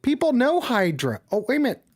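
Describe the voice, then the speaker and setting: A man hosting a casual livestream chat over a video call, excitable and teasing, swearing freely as he jokes with his guests. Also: very high-pitched, fairly quick. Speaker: show host.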